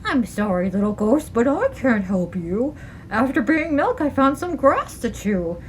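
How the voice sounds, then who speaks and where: A calm, easygoing storybook cow who speaks slowly and moos, as a woman puts her on. The pitch still wanders lively up and down, with faint noise behind.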